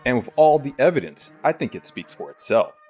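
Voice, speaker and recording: A man's voice: medium pitch, very animated, fairly quick, a little mellow, slightly rough, faint music behind. A man hosting a commentary show, wrapping up with emphatic, lecturing remarks. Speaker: show host. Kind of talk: commentary sign-off.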